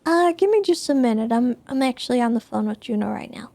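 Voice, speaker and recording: A woman in her thirties playing a gentle, reassuring police officer in a game role-play, often restarting her words. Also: fairly high pitch, expressive, fast talker, gravelly. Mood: soothing. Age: 30s. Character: calm woman police officer Tessa, caring.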